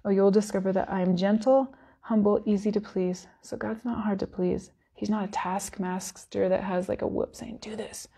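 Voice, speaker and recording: A woman's voice: mid-range voice, fairly even intonation, moderate pace, creaky, mellow, husky. A woman giving an earnest, emotional devotional talk at a church service, at times close to tears. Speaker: worship speaker.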